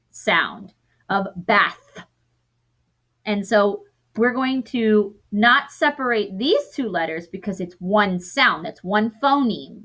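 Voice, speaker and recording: Woman teacher sounding out syllables slowly. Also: fairly high pitch, a bit bright. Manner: slow, drawn-out sounding out of word parts; corrects herself often mid-sentence. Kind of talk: recorded lesson for young students.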